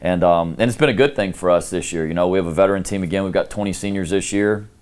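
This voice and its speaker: A middle-aged man with a notably deep voice speaks as a head football coach in a sit-down interview. He talks in a relaxed, candid way, leaning on easy filler phrases as he thinks aloud. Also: fast, clear, resonant tone. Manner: relaxed, candid, peppered with "you know".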